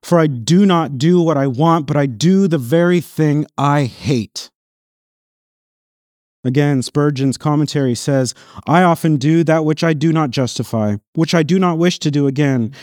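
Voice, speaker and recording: A man preaching a sermon as pastor, reading scripture aloud in an earnest voice that swells on emphatic lines and drops low and quiet on solemn ones. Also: moderate pace, no echo, studio quality. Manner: reads scripture passages aloud within the sermon.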